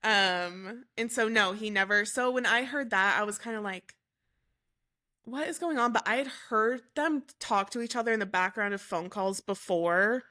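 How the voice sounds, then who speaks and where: A young woman calmly recounting a painful personal story as an interview guest, halting and correcting herself as she goes. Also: medium pitch. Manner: unhurried, halting, with fillers and self-corrections. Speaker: guest telling her story.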